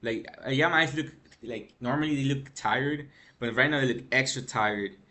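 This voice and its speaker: Sleep-deprived and rambling, a man rants casually about gaming news in his vlog, heavy on "bro" and "freaking." The voice is mid-range and sharp-toned, at a moderate pace.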